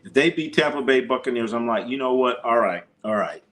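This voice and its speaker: A man hosting a casual sports livestream, talking in an animated, profane way and sometimes mimicking whiny crying voices. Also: medium pitch, fairly quick.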